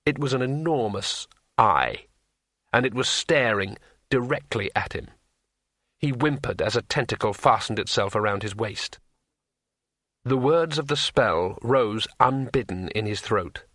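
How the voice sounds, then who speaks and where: Male narrator, bright clear voice, dramatic measured delivery, dry booth sound. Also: medium pitch, dry recording. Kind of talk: audiobook narration.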